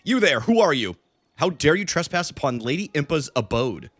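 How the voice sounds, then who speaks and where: A man's voice: a little high, sing-song, moderate pace, fairly bright tone, dry recording, soft background music, voice pushed up. Man reading as a stern formal guard. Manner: formal, read plainly off the screen.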